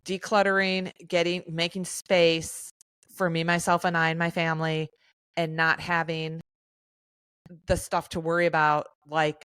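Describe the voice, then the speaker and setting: A woman talking casually and reflectively in a conversation, calm and agreeable. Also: on the low side, measured pace, clean tone, no echo. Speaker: conversation partner.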